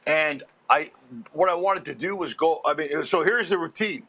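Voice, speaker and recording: A man's voice: on the high side, normal speed, fairly bright tone, breathy edge. A man from Montreal, a stand-up comedian, telling rambling anecdotes in a casual chat as a phone-in guest, often laughing. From Montreal, Canada.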